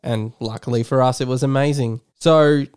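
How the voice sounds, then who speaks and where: A man's voice: mid-range voice, fairly even intonation, moderate pace, darkish tone, clear, resonant tone. A young Australian man co-hosting a podcast, chatting about a film in a rambling, laughing way and swearing casually. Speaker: podcast co-host. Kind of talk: casual film review chat.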